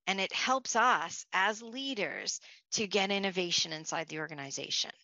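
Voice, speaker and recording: Casting: woman leadership speaker, lowish gravelly voice with a bright edge, conversational storyteller, dry muffled recording. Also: normal speed, dry recording. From Long Island, New York. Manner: conversational, restarts, storytelling asides. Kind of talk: leadership talk.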